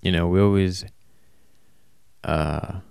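A man talking alone in a casual, rambling monologue, flat and self-described as monotone, often stopping to correct himself. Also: low voice, takes it slowly, vocal fry, clean tone, no echo, studio quality. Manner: casual, swears. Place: warm indoor room.

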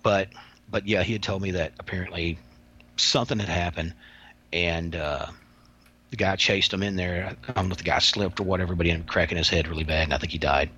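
A man's voice: sits low, fairly even intonation, brisk, bright, forceful tone, dull audio, a little hiss or hum. A man who used to work as a prison officer, telling stories in a rambling, folksy way with many restarts and some slang. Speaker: former prison officer, guest. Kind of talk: casual podcast storytelling.

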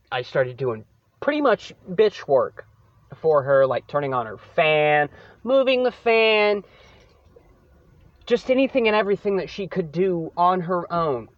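A man's voice: fairly high pitch, dry recording, muffled recording. Profane, fed-up man venting. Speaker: podcast host. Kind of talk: angry solo podcast rant.

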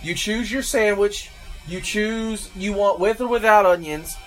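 A man's voice: sits high, measured pace, fairly bright tone. A man from Georgia, hosting a casual food review and chatting to viewers as folks and guys. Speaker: food reviewer, show host.

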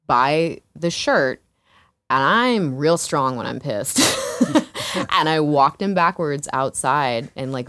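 Her bass voice has a slightly bright edge, and the recording carries no room sound. She's an exotic dancer being interviewed, recounting a story openly and casually while swearing, laughing often, and saying "like" and "you know" constantly.

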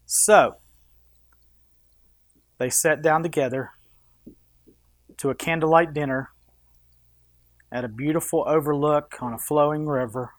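A man's voice: a little high, steady tone, measured pace, pauses often, dry recording, clean studio sound. Casual, joking preacher man. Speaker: pastor. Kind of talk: sermon.

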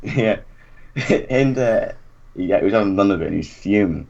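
Young man, low voice, lively storyteller who acts out the quotes; dull lo-fi recording. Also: moderate pace, gravelly. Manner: animated anecdote, acts out quotes, laughs often. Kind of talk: casual chat.

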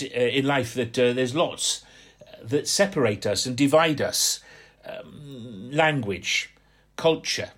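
A man from Hampshire giving a gentle, rambling radio devotional reflection, with frequent fillers. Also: medium pitch. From Hampshire, England.

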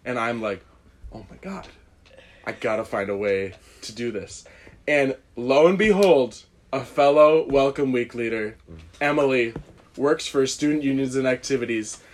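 A man's voice: medium pitch, moderate pace. Giggly young man telling a story. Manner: rambling, self-deprecating, giggly. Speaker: guest. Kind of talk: casual podcast storytelling.

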